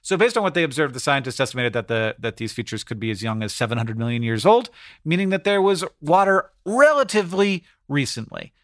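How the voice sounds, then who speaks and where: Man, podcast co-host, animated, bright tone, dry close sound. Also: mid-range voice, fairly quick, no echo. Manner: playful, rambling, reads news aloud with asides. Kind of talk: casual podcast chat.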